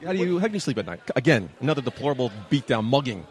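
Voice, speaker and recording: A man's voice: medium pitch, very animated, racing. A man doing sarcastic, needling backstage interviews at a wrestling show.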